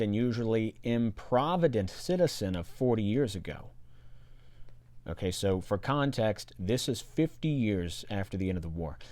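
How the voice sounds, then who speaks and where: A man reads old print aloud and keeps interrupting himself with sarcastic, rambling commentary. His pitch sits in the middle range. The recording is dry and close, with no room sound. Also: darkish tone, no room sound. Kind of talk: reading with commentary.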